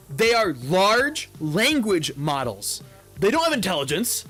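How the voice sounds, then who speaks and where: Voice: medium pitch, very animated, a little slow, fairly bright tone, faint music behind. A gaming YouTuber ranting over gameplay in a heated, profane way, often repeating words.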